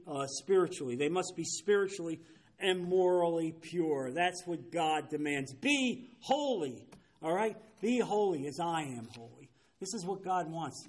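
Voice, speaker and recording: Seventies male pastor, high-pitched, emphatic sermon delivery, keeps checking listeners follow. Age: 70s. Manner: emphatic, keeps asking "you understand?". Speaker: pastor leading a Bible study. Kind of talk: sermon-style Bible teaching.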